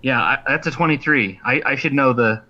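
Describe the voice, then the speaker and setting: A man playing a tabletop game, asking the game master questions in a quick, eager way. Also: medium pitch, pushed and bright, highs cut off. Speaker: player. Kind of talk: casual table talk.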